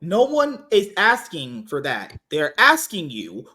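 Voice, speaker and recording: A man's voice: on the high side, huge pitch swings, slow pace, hardly any pauses, sharp tone. A man hosting a podcast, ranting angrily with heavy profanity. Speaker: podcast host. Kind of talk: heated commentary chat.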